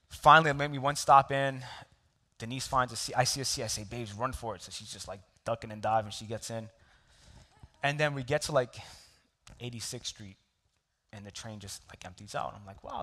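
A man's voice: medium pitch, sharp tone. A man preaching a sermon, telling a personal story with laughs and asides to the congregation. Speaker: pastor. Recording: long hall reverb.

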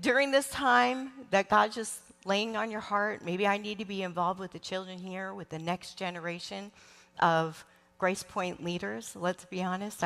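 Woman, middle-aged, children's ministry leader, slow earnest sermon, long hall reverb. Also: medium pitch, vocal fry. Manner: warm, emotional, slow and earnest with frequent ums. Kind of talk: church sermon. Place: large church sanctuary.

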